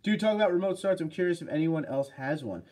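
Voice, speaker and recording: A man's voice: on the high side, expressive, quick pace, a little mellow. Chatty man hosting a livestream. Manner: chatty and rambling, answering viewer comments. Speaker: livestream host. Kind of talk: casual livestream chat reading comments.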